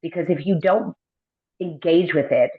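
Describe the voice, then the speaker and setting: A woman's voice: fairly low pitch, normal speed, breathy edge. Woman coach on a tinny line. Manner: gentle, with frequent ums and tag questions. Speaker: mindfulness coach, guest. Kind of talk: explanatory interview talk.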